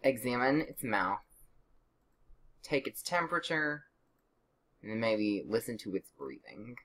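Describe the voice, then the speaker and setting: Low-voiced sarcastic young woman gamer. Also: animated, a little slow, fairly bright tone, a little hiss or hum. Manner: chatty, sarcastic, exasperated outbursts. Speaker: let's play gamer. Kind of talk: casual gameplay commentary.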